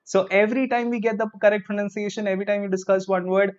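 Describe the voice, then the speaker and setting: Speaking fast in a high-pitched, steady, clear and resonant voice, a man with an Indian English accent leads a live English pronunciation lesson. He splits words into syllables, has the class repeat each one with him, and drops in Hindi words such as "chalo." The recording sounds dull and lo-fi.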